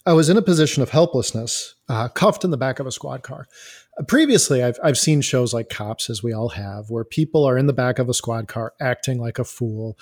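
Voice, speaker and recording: A man's voice: mid-range voice, a little mellow. Man from Illinois, earnest interviewee, plain mid voice. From Illinois, USA. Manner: earnest, choked with emotion at times. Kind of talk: personal story in an interview.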